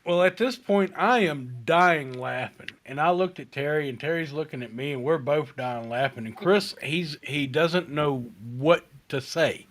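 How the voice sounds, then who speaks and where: A man's voice: a little high, unhurried, hardly any pauses, a bit bright. A man hosting a casual online hangout, telling stories between laughs and swearing freely over a video call. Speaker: host. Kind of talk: casual chat, storytelling.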